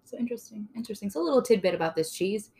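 A woman's voice: medium pitch, lively intonation, very fast, warm tone. A woman hosting a casual podcast, reading aloud with playful, jokey asides. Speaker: podcast host.

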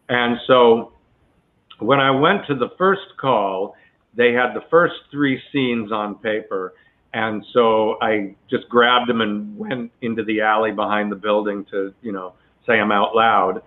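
A male actor being interviewed, telling a long story in a relaxed, chatty way with many asides. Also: fairly low pitch, slow pace. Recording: tinny phone-like line.

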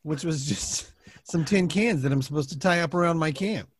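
A man co-hosting a comedy podcast, telling a joking story in a deadpan way. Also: a little high, normal speed, a little hiss or hum.

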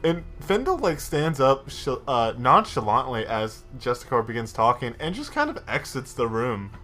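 Animated man narrating a tabletop game. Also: medium pitch, normal speed, soft background music. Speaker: game master.

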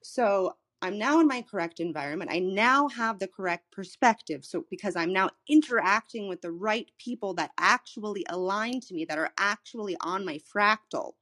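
A woman's voice: medium pitch, normal speed, few pauses. Human design coach lady, 30s, from florida, chatty and blunt, stumbles and restarts a lot. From Florida, USA. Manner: animated, swears freely, repeats words and restarts. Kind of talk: casual storytelling in a live audio room. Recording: live social audio room recording.

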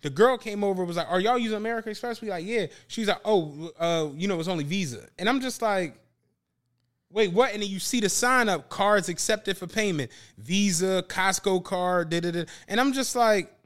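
With a high voice and a moderate pace, this man co-hosts a podcast. His casual storytelling is animated, full of swearing, and punctuated by acted-out quotes.

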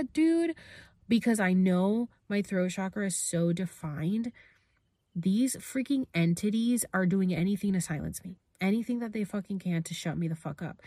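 A woman's voice: on the low side, a little mellow, no room sound, clean studio sound. A woman vlogger telling a personal story in a casual, rambling way, full of fillers and restarts and the odd burst of swearing.

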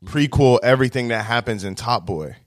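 A man chatting loosely with friends on a podcast, his voice in a middle register. He talks fast when excited, drifting now and then away from the microphone. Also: medium pitch, no echo, clean studio sound. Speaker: podcast co-host. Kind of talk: casual chat.

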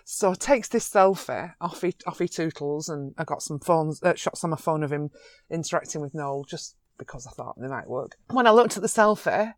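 A woman photographer, telling animated anecdotes in an interview and laughing easily. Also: low voice, dry recording, studio quality. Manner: animated, excitable storyteller with quick laughs.

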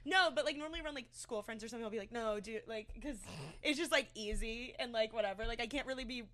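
A young American woman co-hosting a podcast, telling stories in a giggly, animated casual chat full of fillers. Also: on the high side, racing. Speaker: podcast co-host.

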